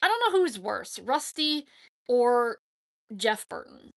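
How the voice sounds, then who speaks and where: Chatty rambling woman, somewhat high. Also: sing-song, takes it slowly, creaky, a bit bright. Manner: chatty, rambling, emphatic with frequent "like, seriously". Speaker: YouTube streamer answering chat. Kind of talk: casual live chat.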